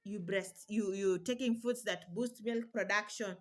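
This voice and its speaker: A woman's voice: mid-range voice, a little slow. A young woman vlogging casual advice to mothers, chatty and reassuring, now and then imitating baby cries. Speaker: parenting vlogger.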